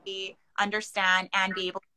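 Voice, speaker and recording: A woman's voice: mid-range voice, monotone, fast, bright, forceful tone, a little hiss or hum, rough recording. A woman from Hawaii hosting a casual chat, explaining things with chatty asides. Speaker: host.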